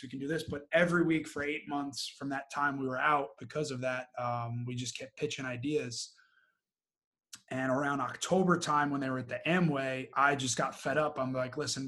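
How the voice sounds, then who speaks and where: A man's voice: mid-range voice, a bit bright. A man, a guest and former Marine, speaking frankly in a casual interview and quoting people as he tells his story. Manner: frank, plain-spoken, quotes others in his story.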